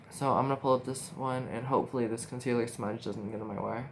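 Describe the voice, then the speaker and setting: A young man filming a casual makeup tutorial on his phone, rambling, chatty and easily excited, often talking to himself. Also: medium pitch, vocal fry. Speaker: makeup vlogger. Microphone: phone camera. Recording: steady background noise hiss.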